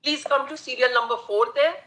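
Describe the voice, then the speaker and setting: A woman making a formal, deliberate argument to a court as an advocate. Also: sits high, a bit bright. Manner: deliberate, formal, addresses the bench as my lords. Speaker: advocate arguing before the court. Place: large courtroom. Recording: roomy courtroom sound.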